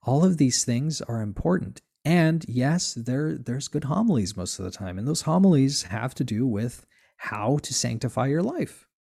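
A man with a gravelly, mellow voice speaks as a guest in a casual talk. He explains earnestly, leaning hard on his key points, in a dark and relaxed tone. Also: mid-range voice, normal speed. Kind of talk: casual conversation on faith.

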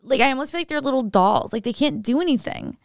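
A woman's voice: high voice, fast, vocal fry, dry recording, studio quality. A young woman co-hosting a podcast, chatting casually and animatedly with lots of fillers. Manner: chatty, lots of "like", animated when retelling scenes. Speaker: podcast co-host. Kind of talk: casual chat.

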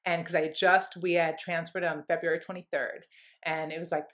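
A woman's voice: lowish voice, little pitch movement, brisk, fairly bright tone. A woman guest in an interview telling a candid personal story in an earnest, rambling way, full of "like" fillers. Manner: rambling, heavy use of "like" fillers; earnest, heartfelt.

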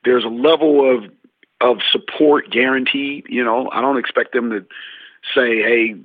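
A basketball coach in an interview, telling stories and acting out what people said. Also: male voice, mid-range voice, unhurried, no echo. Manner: animated storyteller, acts out dialogue. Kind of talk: interview storytelling. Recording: husky, tinny phone-like line.

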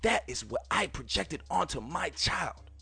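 A man in his thirties hosting a podcast, telling a personal story and repeatedly addressing his listeners directly in an animated way. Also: on the high side, measured pace, creaky, husky, dry recording. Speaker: podcast host.

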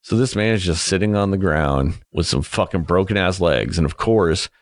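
A man's voice: sits low, moderate pace. A young man recapping a movie in a casual, rambling way, sarcastic and swearing a lot, slipping into mocking voices for the people he describes. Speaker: movie reviewer.

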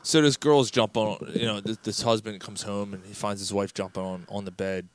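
A man's voice: lowish voice, steady tone, brisk, no room sound. A man hosting a podcast, rambling through stories and jokes over beers with friends. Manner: laughing, rambling storyteller. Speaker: podcast host. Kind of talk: casual chat.

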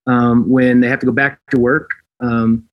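A man talking as a guest in an interview, earnest and animated, often repeating his phrases for emphasis. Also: mid-range voice, moderate pace, highs cut off. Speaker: worship leader guest. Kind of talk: casual interview chat.

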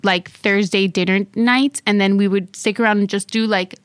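Young woman, Miami accent, animated storyteller, dry close sound. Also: medium pitch, normal speed, clean tone, no room sound. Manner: animated storyteller, acts out quotes. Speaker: podcast guest. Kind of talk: casual chat.

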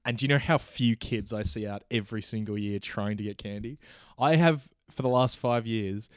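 A man's voice: on the low side, normal speed, clear, resonant tone, dry recording, studio quality, natural voice. A man putting on a brash, swearing, patriotic Australian bloke with a blustering, crude-slang manner and an Australian accent. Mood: ranting.

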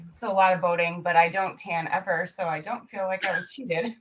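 A woman's voice: lowish voice, fairly even intonation, moderate pace, noisy background. Giggly young woman with Chicago accent. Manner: giggly, laughs between phrases. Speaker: podcast guest. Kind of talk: casual chat.

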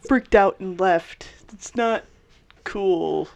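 A woman's voice: mid-range voice, very slow, creaky, a little mellow. A woman playing in a tabletop game, chatting casually and playfully. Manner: playful, laughing. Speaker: player.

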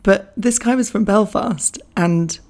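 Hoarse, croaky young woman chatting. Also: mid-range voice, measured pace, a little mellow. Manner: chatty, self-mocking, laughs often. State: hoarse, losing her voice. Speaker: podcast host. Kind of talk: casual solo podcast chat.

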